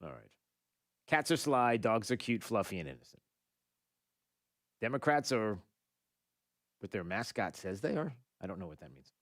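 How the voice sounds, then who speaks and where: A man hosting a talk radio show, rambling and animated, with many fillers and restarts. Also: fairly low pitch, normal speed, long pauses, no echo, studio quality.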